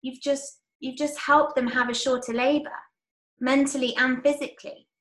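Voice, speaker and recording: High-voiced woman in an echoey room. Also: level tone. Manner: enthusiastic, quick to affirm. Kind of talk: casual conversational podcast.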